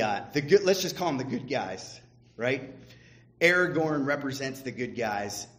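A man's voice: medium pitch, slight background noise. A man preaching a sermon as pastor, talking conversationally with fillers and restarts, then building to fervent emphasis.

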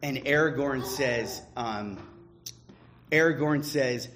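Pastor, man, unhurried, conversational sermon that swells to fervent emphasis. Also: medium pitch, expressive.

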